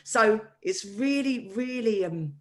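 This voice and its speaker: A woman with an animated manner, chatting casually as co-host and laughing easily. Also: on the high side, takes it slowly. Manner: animated, laughs easily, many "you know" fillers. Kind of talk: casual chat.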